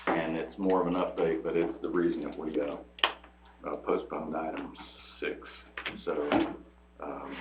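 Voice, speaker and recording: Deep-voiced man as meeting chair, measured and polite; tinny, echoey, noisy recording. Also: little pitch movement. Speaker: county commission chairman. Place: county meeting room. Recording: tinny phone-like sound in an echoey room with noise.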